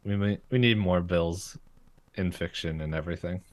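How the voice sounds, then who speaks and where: Rambling low-voiced man, casual recap. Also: fairly even intonation. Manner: rambling, halting, laughs often. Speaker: podcast co-host. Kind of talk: casual chat recapping a cartoon episode.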